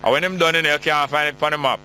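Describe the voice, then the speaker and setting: A man's voice: fairly high pitch, steady tone, rapid-fire, sharp tone, soft background music, rough recording. A middle-aged man with a Jamaican accent hosting a call-in radio talk show, chatty and joking as he reads out listener texts.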